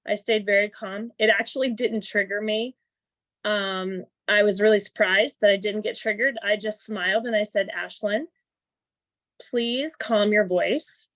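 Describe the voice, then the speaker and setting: A woman's voice: medium pitch, little pitch movement, moderate pace, a bit bright, no room sound. Middle-aged woman telling a candid story. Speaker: workshop participant. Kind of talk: personal story in a group chat. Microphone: video call.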